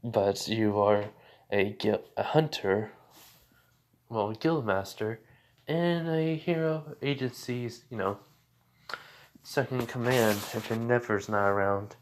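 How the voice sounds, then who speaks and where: A man doing a cold, stern hero principal. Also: on the low side. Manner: cold, measured.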